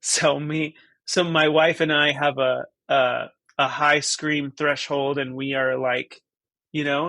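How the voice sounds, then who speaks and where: A man's voice: a little high, level tone, slow, gravelly, sharp tone, dry recording. A man in his thirties, a guest on a podcast, chatting casually in a rambling, stop-start way. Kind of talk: casual conversation.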